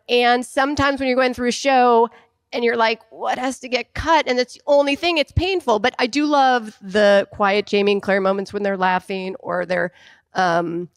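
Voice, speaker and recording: Smooth-voiced woman, thinking aloud. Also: mid-range voice, no room sound, clean studio sound. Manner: hesitant, searching for words, warm laughs. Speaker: executive producer on a panel. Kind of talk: casual panel talk.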